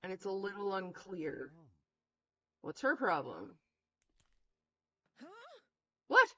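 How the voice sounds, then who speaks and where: A woman streaming a game, reacting with blunt, profane and animated commentary. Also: medium pitch, slow, highs cut off. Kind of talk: let's play commentary.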